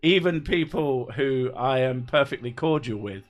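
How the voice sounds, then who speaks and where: A man's voice: mid-range voice, a little slow. A man chatting casually on a live stream, reading out viewer messages; he is laid-back and sweary, and he laughs often. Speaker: YouTuber reading live chat.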